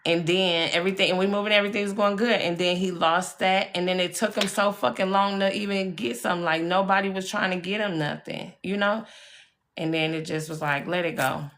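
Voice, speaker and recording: A woman's voice: mid-range voice, steady tone, fairly quick, a bit bright, a little hiss or hum. A woman telling personal stories on a live stream, chatty and emphatic, swearing freely and calling her viewers y'all and baby. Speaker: live-stream spiritual reader. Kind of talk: casual live-stream storytelling.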